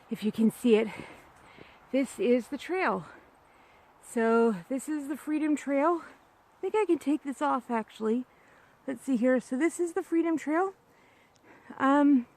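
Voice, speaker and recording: A young woman talks to a handheld camera while walking a snowy, muddy trail outdoors. Her voice sits a bit high, and she rambles in a casual, self-deprecating way. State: upset, close to tears. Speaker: vlogger.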